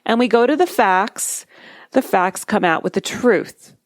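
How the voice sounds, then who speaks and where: A woman hypnotist hosting a podcast, explaining techniques in a calm, measured way with slow emphatic phrases. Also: mid-range voice, no echo, clean studio sound. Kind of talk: instructional podcast monologue.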